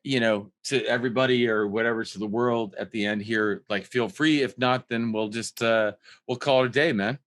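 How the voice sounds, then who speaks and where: A man hosting a podcast from a video call. He rambles and swears freely, jumping between loud, playful teasing and quieter, heartfelt moments. His pitch sits in an ordinary middle range. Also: steady tone, normal speed, few pauses. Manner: loose, profane and rambling, swings from loud joking to soft emotional. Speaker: podcast host. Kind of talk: casual chat over a video call.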